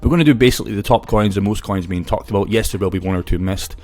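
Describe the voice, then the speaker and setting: A fairly low-voiced man speaks quickly in a casual talking-head clip. The crypto YouTuber is brash and foul-mouthed, telling stories and offering opinions with lively energy.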